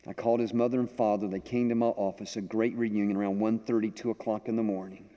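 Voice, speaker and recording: An older man preaching a sermon, telling a story with animated delivery to a congregation. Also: lowish voice, fast. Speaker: pastor. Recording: echoey hall with long reverb.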